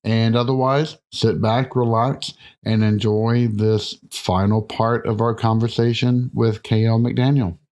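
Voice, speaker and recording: A man hosting a podcast interview, speaking in a measured, unhurried way. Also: fairly low pitch, little pitch movement, a little mellow. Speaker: podcast host.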